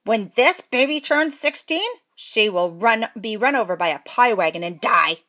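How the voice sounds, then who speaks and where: A woman's voice: on the high side, lively intonation, normal speed, sharp tone. A woman voicing a cranky, spiteful fairy who snarls and barks her curse. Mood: menacing. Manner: snarling, barking.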